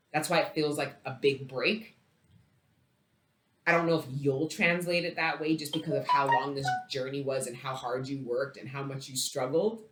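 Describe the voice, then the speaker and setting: A woman giving a casual tarot reading, emphatic and swearing freely, with big swings between loud outbursts and low murmurs. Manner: emphatic, heavy swearing, dramatic swings in loudness. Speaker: tarot reader. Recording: roomy echo.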